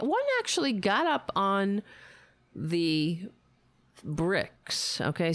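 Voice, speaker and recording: Gravelly animated woman host. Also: sits low, no echo. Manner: animated storytelling, mimics voices. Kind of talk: casual livestream chat. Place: New York.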